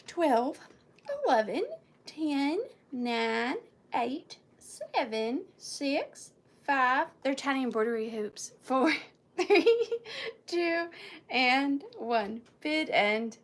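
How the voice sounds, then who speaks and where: A woman hosting a live vintage sale, chatting playfully with viewers by name and counting down bids. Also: high-pitched. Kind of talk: live auction selling chat.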